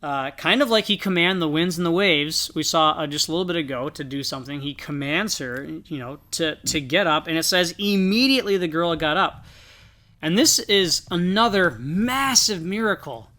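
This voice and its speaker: A man's voice: on the high side, moderate pace, sharp tone. A man co-hosting a podcast, earnestly reflecting in a casual Bible discussion. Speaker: podcast co-host.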